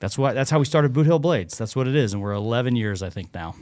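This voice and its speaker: A man's voice: mid-range voice, expressive, fast talker, a little mellow, no echo, clean studio sound. A man in his thirties, a knife maker and podcast guest, telling rambling, self-deprecating stories in casual chat and laughing often.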